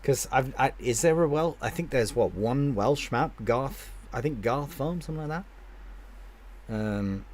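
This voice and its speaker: A man's voice: medium pitch, animated, a little slow, darkish tone, slight background noise. A man live-streaming a game, chatting casually with his viewers and answering their comments aloud, often restarting his sentences.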